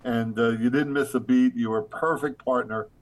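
A man co-hosting over a video call, teasing and deadpan with mock-grand speeches. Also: mid-range voice, normal speed, low-quality recording. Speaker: co-host.

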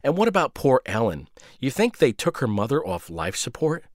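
A man's voice: mid-range voice, sing-song, moderate pace, no room sound, clean studio sound, close to an everyday voice. A man voicing a pushy, gossipy older woman who owns a radio station, nosy and coaxing, in a read-aloud story. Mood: prying.

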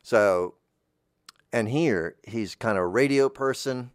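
A man improvising a comic story in a rambling, deadpan way, drifting off on tangents. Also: mid-range voice, takes it slowly, clear, resonant tone, no echo, clean studio sound. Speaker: comedy podcast performer.

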